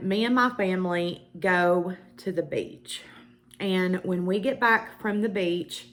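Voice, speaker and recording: A woman's voice: lowish voice, takes it slowly. A young woman with a Southern US accent, chatting to her viewers and telling a personal story with emphatic asides. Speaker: beauty vlogger. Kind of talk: casual storytelling to camera.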